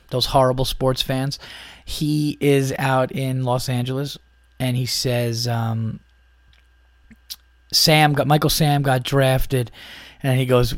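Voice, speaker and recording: A man's voice: mid-range voice, dry recording, clean studio sound. A man hosting a podcast, ranting in a casual, profane, exasperated way with many restarts. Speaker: podcast host.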